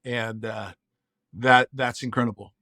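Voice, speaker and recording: A man's voice: mid-range voice, fairly even intonation, unhurried, dry recording, clean studio sound. A man in his fifties, a podcast guest, telling reflective family stories in casual conversation. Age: 50s. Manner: earnest storyteller, warm and reflective.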